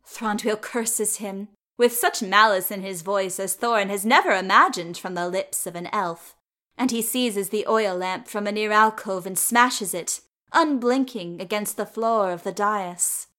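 A woman reads a story aloud, taking her time over each sentence. Her voice sits at an ordinary middle pitch and stays even and measured throughout. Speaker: reader. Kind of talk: reading fiction aloud.

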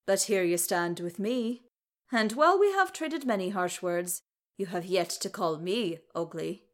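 A woman reading the part of a gruff, warm-hearted male dwarf warrior in a fan story read aloud. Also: medium pitch, animated, measured pace, close to an everyday voice. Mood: fond. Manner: gruff, fond.

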